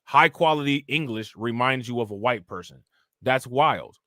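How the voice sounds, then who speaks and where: Bright-voiced man ranting on a livestream. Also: medium pitch, moderate pace, no room sound, clean studio sound. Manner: animated, ranting, slangy. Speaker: livestream host reacting to news. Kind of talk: casual livestream commentary.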